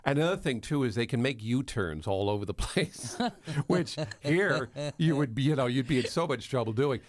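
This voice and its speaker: A man's voice: mid-range voice, animated, moderate pace, no room sound. Chatty New man on radio. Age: middle-aged. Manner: chatty, rambling storyteller with many fillers. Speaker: radio co-host. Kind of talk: casual radio chat.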